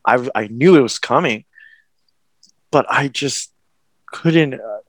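A man's voice: medium pitch, takes it slowly, dry recording. A young man, probably in his twenties, telling a personal story in casual conversation, rambling with restarts and nervous laughs. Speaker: guest.

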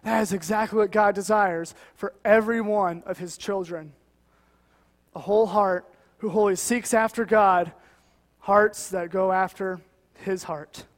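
Earnest high-voiced man preaching in a reverberant hall. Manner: earnest, conversational, many "you know" asides. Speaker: guest preacher. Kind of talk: sermon.

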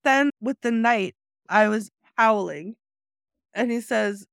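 A woman's voice: a little high, takes it slowly, vocal fry, clear, resonant tone, no echo, clean studio sound. A woman co-hosting a casual talk show, chatting animatedly and acting out quoted movie lines as she retells them. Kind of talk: casual chat about a movie.

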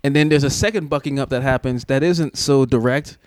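A man in casual chat, telling animated stories about raising his kids. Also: medium pitch, a little fast, clean tone, no echo, studio quality. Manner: animated storyteller acting out family scenes.

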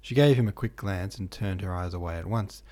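A man reading a classic novel aloud in a steady, measured way, with the odd small slip. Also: low voice. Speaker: audiobook narrator.

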